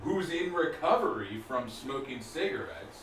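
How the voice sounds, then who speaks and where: A man's voice: medium pitch, very animated, measured pace, a bit bright. A man speaking candidly and reflectively in a casual group discussion, swearing freely. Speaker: group therapy participant. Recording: roomy sound from a distant mic with faint noise.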